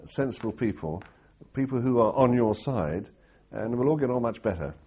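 A man's voice: medium pitch, expressive, normal speed, slightly rough, dull audio. An older man telling anecdotes in an interview, rambling with restarts and fillers. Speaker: interviewee recalling war reporting. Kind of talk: storytelling in an interview.

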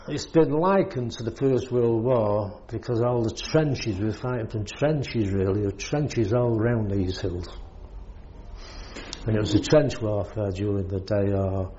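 Older British man reminiscing, mellow voice. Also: lowish voice, unhurried, muffled recording, a little hiss or hum. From Britain. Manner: rambling, chuckles often while telling. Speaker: war veteran recounting service. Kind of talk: oral history storytelling.

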